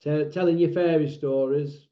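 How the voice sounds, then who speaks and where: A man's voice: on the high side, steady tone, moderate pace. A man with a northern English accent, hosting his own channel in a blunt, mocking, combative rant to camera. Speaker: channel host. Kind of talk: ranting monologue to camera. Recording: roomy, dull lo-fi sound.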